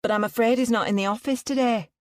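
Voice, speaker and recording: A woman's voice: a little high, fairly even intonation, fast talker, no room sound, studio quality, voice pushed up, natural voice. A woman reader voicing a cheerful, polite office worker with a Mancunian accent in an audiobook. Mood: cheery polite.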